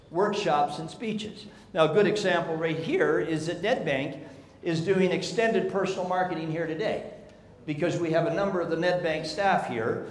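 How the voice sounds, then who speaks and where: A man giving a business seminar talk, telling stories and asking the audience rhetorical questions. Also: a little high. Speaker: seminar speaker. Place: large seminar hall. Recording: echoey hall with faint ambience.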